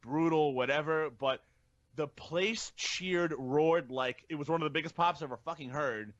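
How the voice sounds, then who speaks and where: A man co-hosting a podcast, chatting casually and excitedly, laughing often and swearing freely. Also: a little high, moderate pace, no room sound, dull audio. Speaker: podcast co-host.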